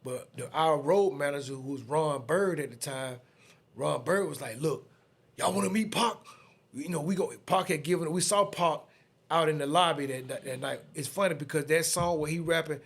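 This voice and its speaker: A man in his fifties with a Southern US accent, a podcast guest telling a story in a casual, lively way and acting out the other people in it. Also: a little high, moderate pace. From Atlanta, USA.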